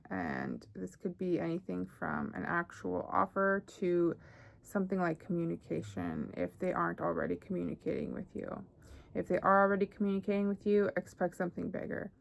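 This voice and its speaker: A woman's voice: fairly low pitch, gravelly. A young woman giving a casual tarot reading, chatty and thinking aloud with frequent fillers. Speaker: tarot reader.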